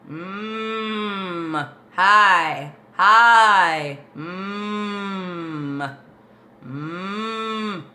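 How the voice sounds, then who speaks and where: A woman's voice: mid-range voice, sharp tone, a little hiss or hum. A woman vocal coach chatting loosely and thinking aloud as she answers questions on a live stream into her phone camera.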